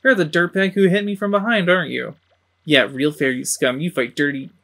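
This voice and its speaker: A game streamer voicing a gruff, grudge-holding space soldier who talks in threats. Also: medium pitch, fairly even intonation, fairly quick, fairly bright tone. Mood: threatening.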